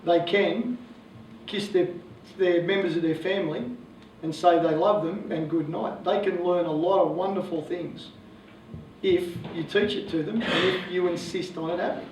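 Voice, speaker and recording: An Australian man in his forties, a coach giving a joking, animated public talk to parents. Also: high voice, moderate pace, a little hiss or hum. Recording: echoey hall from far off, faint ambience.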